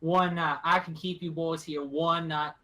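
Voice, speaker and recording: A gruff, suspicious backwoods woman holding a gun, as a man voices her, with a threatening folksy drawl. Her voice rides high and bright, with a hard edge. She is a figure in a tabletop role-playing game. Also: flat delivery, a little slow. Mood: grudging.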